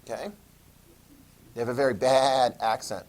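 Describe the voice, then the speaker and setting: A man's voice: mid-range voice, fairly even intonation, normal speed, a little mellow. A man teaching a history class, joking and checking in with questions. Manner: jokey, asks the class questions, "okay?" checks. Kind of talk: classroom lecture.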